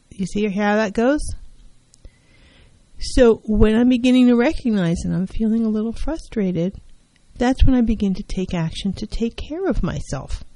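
A woman's voice: fairly high pitch, normal speed, mellow, no echo, low-quality recording. A woman therapist giving an earnest self-help talk on mental health, driving her points home by repeating key phrases.

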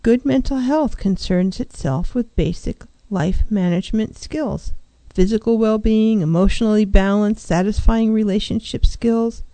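Warm-voiced woman counselor giving advice. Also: on the high side, dry recording. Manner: earnest, advising, acts out clients' voices. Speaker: licensed counselor hosting a show. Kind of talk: talk show monologue.

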